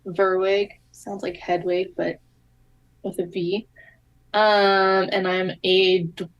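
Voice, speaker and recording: A woman joins a tabletop game as a player, chatting playfully and laughing easily. Her voice sits at a medium pitch. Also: level tone, slow, low-quality recording. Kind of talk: casual tabletop play.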